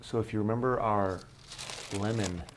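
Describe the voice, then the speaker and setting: A man co-hosts a painting lesson, chatting casually beside the teacher. His voice is very low. He tosses in dry, joking remarks. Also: fairly even intonation, normal speed, slight background noise, low-quality recording. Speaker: co-host. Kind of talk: casual chat.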